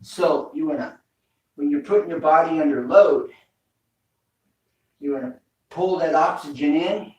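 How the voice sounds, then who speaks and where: A man's voice: a little high, measured pace, pauses often, darkish tone. A man teaching a home workout, coaching breathing with repeated cues. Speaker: fitness instructor. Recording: echoey room, mic far off.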